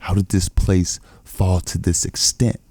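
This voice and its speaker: A man's voice: deep voice, flat delivery, a little slow, warm tone, no echo. A man voicing a sly, self-praising young male schemer who boasts and complains. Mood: smug.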